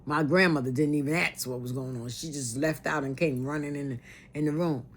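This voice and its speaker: A woman's voice: sits low, fairly even intonation, brisk. A woman telling a personal family memory in an earnest way, often repeating herself as she recalls it. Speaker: storyteller.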